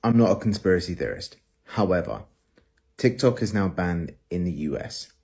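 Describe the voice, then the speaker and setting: A man with a very low voice argues his point to camera. He talks in a questioning, argumentative way. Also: big pitch swings, moderate pace, vocal fry, darkish tone. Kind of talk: opinion talk to camera.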